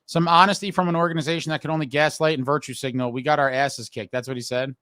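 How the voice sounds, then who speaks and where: A frustrated male host with a bright, forceful voice and a slightly raised pitch, venting bluntly and casually swearing as he reads viewer comments. The sound is close and dry, with no room echo at all. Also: steady tone, quick pace. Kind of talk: casual live-stream talk.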